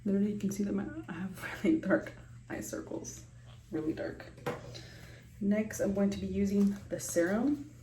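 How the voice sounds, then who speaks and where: Young woman vlogger, casual and rambling, slightly breathless, mid-pitched, roomy bathroom sound. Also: steady tone, normal speed, dark tone, slight background noise. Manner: rambling, many ums and likes. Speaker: beauty vlogger. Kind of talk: casual skincare vlog. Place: small bathroom. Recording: echoey small bathroom.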